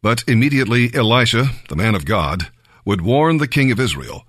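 A man reading scripture aloud in a slow, deliberate, measured way. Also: medium pitch, lively intonation, fairly bright tone, dry recording, clean studio sound. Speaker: Bible reader.

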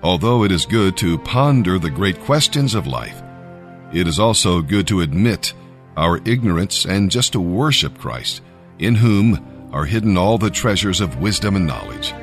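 A man narrating a scripted devotional Bible reading, measured and emphatic. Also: low voice, very animated, faint music behind.

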